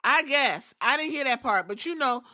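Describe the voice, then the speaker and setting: Woman podcast host, bright and forceful tone, blunt and foul-mouthed, chatty storyteller. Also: sits high, animated, normal speed. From outside the US. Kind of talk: casual recap podcast.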